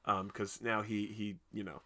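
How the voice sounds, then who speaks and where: A man's voice: on the low side, level tone, normal speed, sharp tone. Rambling man recapping a movie. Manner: rambling, lots of "like" and restarts, acts out quotes. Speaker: podcast co-host recapping a film. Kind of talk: casual chat.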